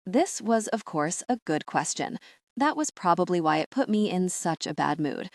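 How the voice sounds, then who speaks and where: A woman's voice: lowish voice, sing-song, moderate pace, darkish tone, no echo, clean studio sound. A woman narrating an audiobook in first person, with a wry, sardonic storytelling manner.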